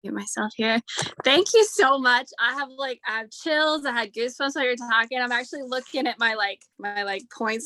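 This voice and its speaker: A woman's voice: fairly high pitch, moderate pace, pushed and bright, no room sound. A woman in her thirties speaking on a video call. She talks in a casual, heartfelt way, full of "like" and "um," rambling and earnest. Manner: rambling, heavy use of "like" and "um"; earnest and emotional. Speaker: speaker at a team leadership training.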